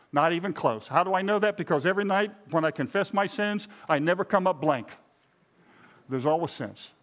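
A middle-aged man, a pastor, preaching a sermon in a conversational, self-deprecating way with touches of humor. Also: high-pitched.

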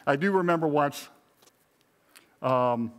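A man's voice: on the high side, slow pace. A middle-aged man, a pastor, preaching a sermon in a conversational, self-deprecating way with touches of humor.

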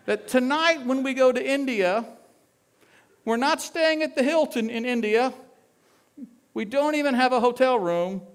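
A man's voice: very high-pitched, unhurried, pauses often, clean tone, voice pushed up. A man voicing a patient male teacher who talks in plain, casual modern terms. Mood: breezy. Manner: breezy, good-humored, plainspoken.

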